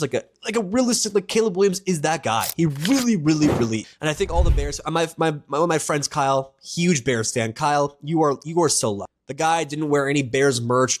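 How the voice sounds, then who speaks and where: A young man vlogging about football in a rambling, excitable way, with crude jokes and frequent restarts. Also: mid-range voice. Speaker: sports vlogger. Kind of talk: casual sports rant to camera.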